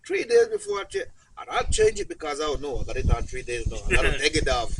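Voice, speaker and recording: A man chatting casually with his brother, telling excitable stories in nonstandard grammar. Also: fairly high pitch, fast talker, vocal fry, recorded from a distance, noisy background. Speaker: guest, host's brother. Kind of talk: casual chat.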